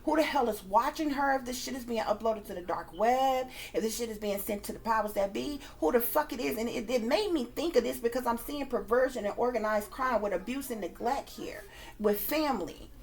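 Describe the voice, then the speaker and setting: High-voiced, swearing psychic woman. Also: fairly quick. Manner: emphatic, frequently swearing, acts out her own reactions. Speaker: psychic tarot reader. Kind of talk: casual spoken storytelling to viewers.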